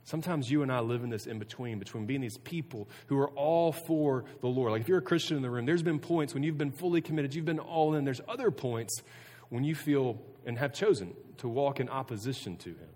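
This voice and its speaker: A youth pastor giving a casual sermon to students, earnest and conversational, often restarting sentences. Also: male voice, medium pitch, a little fast, a little mellow. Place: room with a student audience. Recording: long reverb of a hall.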